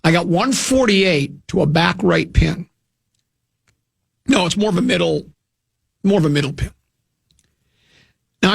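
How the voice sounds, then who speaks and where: A man's voice: high voice, vocal fry. A man hosting a sports talk radio show, telling a long rambling story in a casual, self-mocking way. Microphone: studio microphone.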